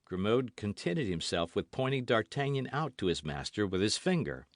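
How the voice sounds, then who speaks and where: Brief: male narrator, lively intonation, dry close studio sound. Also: on the low side, normal speed, dry recording. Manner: expressive, animated reading. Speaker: audiobook narrator. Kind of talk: scripted narration.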